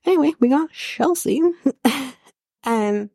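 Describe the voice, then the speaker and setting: A woman's voice: high voice, animated, takes it slowly, creaky, dark tone, husky, dry recording, clean studio sound. A woman hosting a podcast, recapping a reality show in a casual, sarcastic, blunt way with plenty of swearing. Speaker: podcast host.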